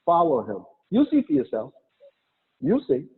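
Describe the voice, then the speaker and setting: New guy hyping up a call, super animated, tinny phone-line sound. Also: fairly high pitch, a little slow. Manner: animated, acts out quotes, laughs. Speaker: guest speaker. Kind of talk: lively motivational talk on an online call. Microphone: online call.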